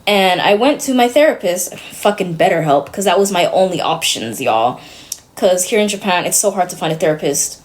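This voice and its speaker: A woman's voice: on the low side, animated, moderate pace. A young woman talks loosely to her stream audience in a rambling, conversational way. She leans heavily on fillers and slips in nervous laughs between her thoughts. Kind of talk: casual stream chat.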